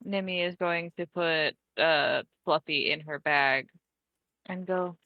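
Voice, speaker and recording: A woman's voice: low-pitched, slow, dry recording, muffled recording. A woman speaking plainly as a player in a tabletop game. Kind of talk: tabletop role-play chat.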